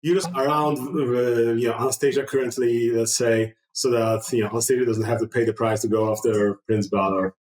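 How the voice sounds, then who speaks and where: A man running a tabletop game as game master, chatty and relaxed, with many fillers. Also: medium pitch, fairly quick, few pauses, reverberant, rough recording.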